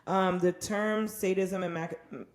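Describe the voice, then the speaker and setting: A woman's voice: mid-range voice, fairly even intonation, a little slow. A young woman co-hosting a casual podcast, talking candidly and with profanity, often laughing. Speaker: podcast co-host.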